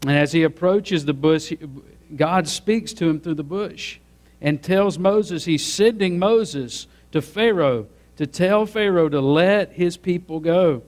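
Male pastor, fairly high voice, preaching a sermon with emphatic build-ups. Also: takes it slowly, a little mellow.

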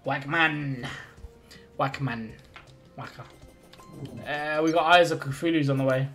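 A man's voice: on the high side, steady tone, normal speed, faint music behind. A man live-streaming a game in casual chat, thinking aloud and greeting and thanking viewers as he plays.

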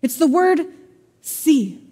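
A woman's voice: sits high, sing-song, takes it slowly, warm tone. A woman pastor preaching a sermon with humorous storytelling and playful sarcasm, recorded in a church hall. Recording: long church-hall reverb.

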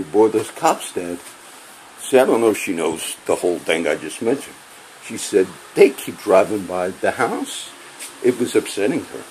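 A man's voice: low-pitched, darkish tone, slight background noise, poor audio. A man angrily ranting about police to his audience, heated and profane, often repeating himself. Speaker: vlogger. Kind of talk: angry personal rant to camera.

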